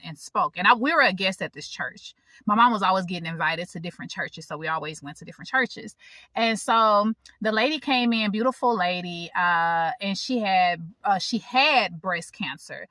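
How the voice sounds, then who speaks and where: A woman's voice: medium pitch, pushed and bright, no room sound. A woman, telling a personal story in a casual vlog from her parked car, chatty and informal, talking straight to her viewers. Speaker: vlogger. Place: parked car in a public area.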